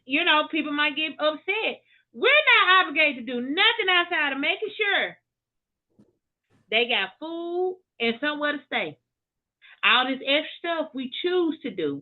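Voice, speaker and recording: A woman's voice: high-pitched, sing-song, normal speed, phone-quality sound. A woman, a podcast guest, talking in a direct, encouraging, casual way. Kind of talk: casual conversation.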